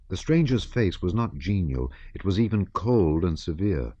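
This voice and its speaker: Male narrator, very deep voice, measured audiobook reading, dull muffled sound. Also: lively intonation, dark tone, husky, no echo.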